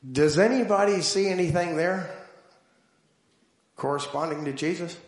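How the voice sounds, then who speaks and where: A man preaching a sermon, telling stories slowly and deliberately and building to emphatic points. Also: on the high side, roomy sound. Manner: slow, deliberate storytelling with emphatic build-ups.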